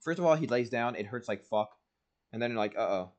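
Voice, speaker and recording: A young man streaming, telling a story casually and animatedly, jumping between loud bursts and low asides, full of "like". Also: fairly quick. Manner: casual, peppered with "like" and "blah, blah".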